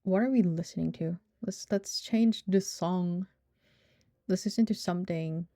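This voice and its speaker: A woman's voice: on the low side, a little slow, dark tone, no echo, clean studio sound. A young woman streamer chatting casually on a desk mic and playfully humming nonsense syllables and meowing between her chatter. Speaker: game streamer.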